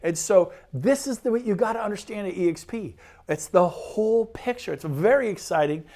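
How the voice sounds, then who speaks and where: A man, a real estate broker, giving an enthusiastic and persuasive sales pitch presentation. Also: animated, warm tone. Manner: enthusiastic, persuasive, rapid lists.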